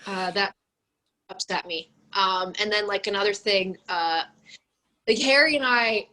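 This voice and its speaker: A young woman chats loosely as a guest on an interview show, her tone bright and forward. She rambles and leans on "like" and "um" as she goes. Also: mid-range voice, unhurried, low-quality recording. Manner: rambling, heavy use of "like" and "um". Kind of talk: casual chat.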